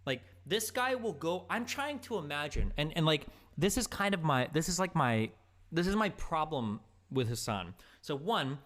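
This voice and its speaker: A man's voice: a little high, big pitch swings, moderate pace, a bit bright. A man streaming live, commenting casually and with plenty of swearing, exasperated and rambling.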